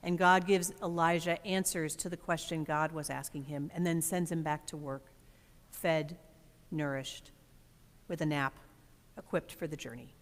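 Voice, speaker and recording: A woman pastor delivers a thoughtful, expressive sermon, pausing for weight. Her voice sits on the low side. It rings out with the long reverb of a church sanctuary. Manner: reflective, expressive preaching with dramatic pauses.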